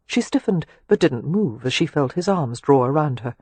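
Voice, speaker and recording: A woman narrating an audiobook in a measured, even storytelling manner. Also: deep voice, slightly rough, no room sound.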